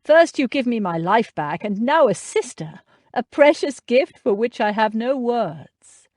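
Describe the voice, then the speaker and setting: A woman reading the part of a warm, earnest young nobleman who speaks tenderly, in a dry close recording. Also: very animated, unhurried, dry recording. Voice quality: deep voice.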